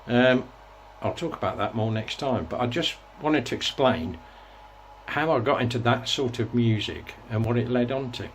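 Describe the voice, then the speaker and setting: A man's voice: mid-range voice, moderate pace, slight background noise. Rambling man in his sixties. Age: 60s. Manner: rambling, reflective storytelling with restarts. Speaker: host. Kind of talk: casual reminiscing monologue.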